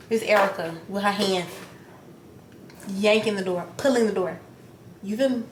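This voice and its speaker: A woman's voice: mid-range voice, moderate pace, long pauses. Blunt, profane young woman vlogging. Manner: blunt, profane, animated retelling with acted-out quotes. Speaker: beauty vlogger. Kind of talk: casual chat while getting ready. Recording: echoey room, faint ambient noise.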